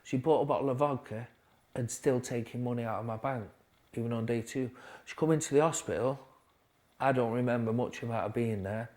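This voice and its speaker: A man speaks as a podcast guest, with a voice of middling pitch. His story comes out halting and low, full of restarts, and it gets quieter where the story is hardest. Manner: quiet, halting storytelling with restarts, dropping softer at hard moments. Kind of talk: recovery story interview.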